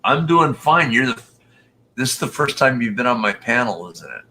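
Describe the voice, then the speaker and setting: A man's voice: mid-range voice, expressive, moderate pace, bright, forceful tone, slight background noise. A man hosting a casual live stream, chatting with callers and reading viewer comments aloud.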